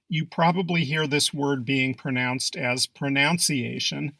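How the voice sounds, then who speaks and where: A man delivers a scripted English pronunciation lesson in an even, measured way. His voice is bright and edged with a gravelly fry. The recording is dry and close, with no room sound. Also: medium pitch, no room sound. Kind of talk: scripted narration.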